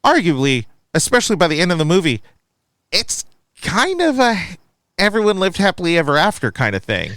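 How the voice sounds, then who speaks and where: Animated man with a lively, smooth voice. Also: high voice, a little fast, no room sound. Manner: animated, reads review aloud, quizzical. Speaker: podcast co-host. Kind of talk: casual movie review chat.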